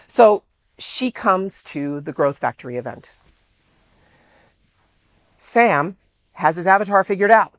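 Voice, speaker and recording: Woman speaker, lower-pitched, lively, dry close sound, animated storyteller. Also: slow, pauses often, no room sound. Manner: animated, exclaims often, acts out quoted dialogue. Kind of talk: storytelling talk to an audience.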